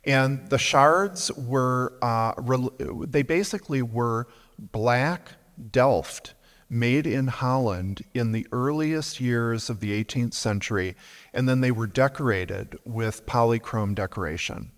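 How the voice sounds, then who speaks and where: A man speaks very slowly and deliberately on a panel, a collector explaining his field with careful pauses. The sound carries the long reverb of a large hall. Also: medium pitch. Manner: slow, measured, explaining terms. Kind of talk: panel discussion.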